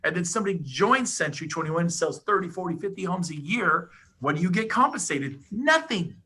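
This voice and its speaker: A middle-aged man giving an enthusiastic, emphatic sales pitch as a podcast guest. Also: expressive, bright, forceful tone, breathy edge. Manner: fired-up, rapid, emphatic, salesy. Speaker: podcast guest, real estate agent.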